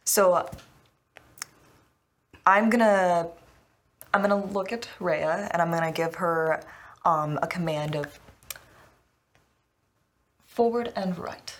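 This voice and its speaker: A woman's voice: on the low side, slow pace, long pauses. A woman playing a tabletop game, describing her character's moves while thinking aloud. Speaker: player.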